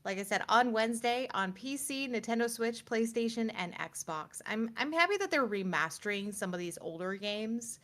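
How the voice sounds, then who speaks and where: A woman's voice: a little high, lively intonation, fairly bright tone. A woman co-hosting a live gaming news stream, reading release blurbs and chatting with easy laughs. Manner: reads release blurbs, then chats with quick laughs. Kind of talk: casual live-stream chat.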